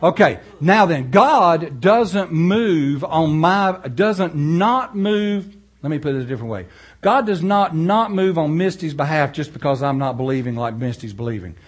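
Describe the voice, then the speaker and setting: Male pastor, slightly higher pitch, folksy animated sermon delivery with story asides. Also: a little slow, husky.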